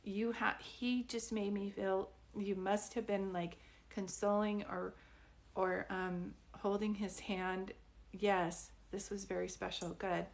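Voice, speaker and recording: A woman giving psychic readings on a livestream, soft and soothing, calling people sweetie and honey, often restarting her sentences. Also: medium pitch, level tone, takes it slowly, creaky. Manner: rambling, restarts mid-sentence. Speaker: psychic medium doing live readings.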